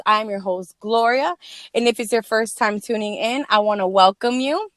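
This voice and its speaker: A woman's voice: on the high side, normal speed, a bit bright, dry recording, clean studio sound. Giggly young woman hosting a podcast. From Maryland. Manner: giggly, jokey, laughs often. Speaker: podcast host. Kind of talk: casual chat. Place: home room, door opened.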